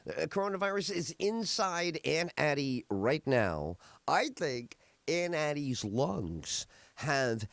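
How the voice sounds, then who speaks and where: A man's voice: on the high side, no room sound. A middle-aged man hosting a podcast, telling rambling stories in a casual chat with many fillers. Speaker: podcast host.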